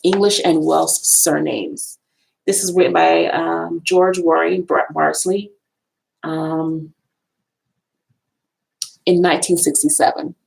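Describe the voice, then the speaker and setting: A woman's voice: low-pitched, fairly even intonation, slow pace, creaky, long pauses, a little mellow, poor audio. A woman vlogging casually from a college library, rambling and repeating herself as she shows off books. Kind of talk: casual talk showing books.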